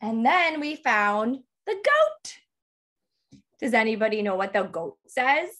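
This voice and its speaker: A woman reading a picture book aloud to toddlers, animated and sing-song, gasping with excitement and asking the children questions. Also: fairly high pitch, slow pace. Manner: asks the children questions throughout. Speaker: toddler book club reader.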